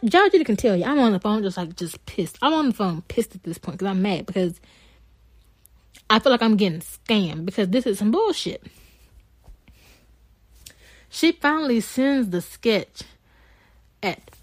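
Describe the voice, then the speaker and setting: A woman's voice: mid-range voice, dry recording. Exasperated woman telling a story, dry sound. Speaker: podcast co-host. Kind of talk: casual storytelling chat.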